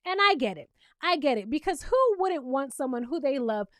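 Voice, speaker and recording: A woman's voice: sits high, sing-song, moderate pace, fairly bright tone, no echo. A woman recapping a reality show in casual, sassy commentary, talking straight to her viewers.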